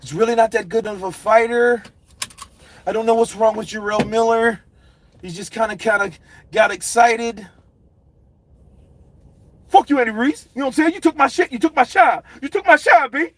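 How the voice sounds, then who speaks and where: A man doing an impression of a brash, hot-tempered heavyweight boxer who yells profane taunts and swaggering boasts. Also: very high-pitched, moderate pace, pauses often, voice pushed up. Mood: aggrieved.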